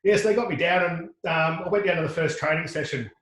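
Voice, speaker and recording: A middle-aged Australian man, a podcast guest, tells a lively anecdote full of restarts and quoted dialogue. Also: on the high side, fast, echoey room, low-quality recording. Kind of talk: casual storytelling.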